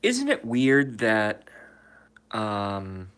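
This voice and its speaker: Low-voiced man ranting on a livestream. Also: wildly swooping pitch, extremely slow, a bit bright, clean tone. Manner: reads viewer comments aloud and answers them, swears, emphatic rhetorical questions. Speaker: livestream host reading chat. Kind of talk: casual livestream rant. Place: indoors, in his room.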